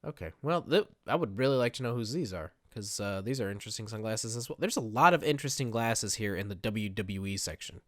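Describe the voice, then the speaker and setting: A man's voice: lowish voice, lively intonation, a little fast, few pauses, dry recording, studio quality. A man giving casual, rambling gameplay commentary at his computer setup. He talks in a chatty, self-mocking way. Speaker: gaming video creator.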